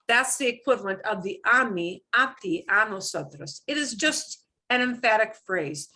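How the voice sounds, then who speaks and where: A middle-aged woman teaching a beginner Spanish class, modeling phrases slowly and clearly while explaining in English. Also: mid-range voice, animated, sharp tone. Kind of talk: beginner language lesson.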